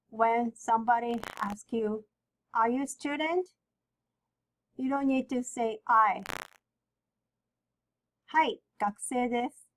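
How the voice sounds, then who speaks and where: A woman with a Japanese accent, a native Japanese speaker, teaching a beginner language lesson and repeating each word slowly and carefully. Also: fairly high pitch, low-quality recording. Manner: slow and careful, repeating words for the learner.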